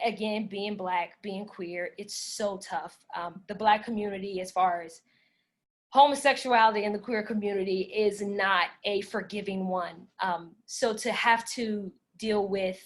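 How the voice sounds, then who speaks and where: A woman podcast host answering audience questions in a relaxed, talkative way, speaking with passion and filling pauses with "like" and "um". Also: medium pitch. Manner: passionate, talkative, many "like" and "um" fillers. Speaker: podcast host leading a workshop Q&A. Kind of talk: casual conversational Q&A.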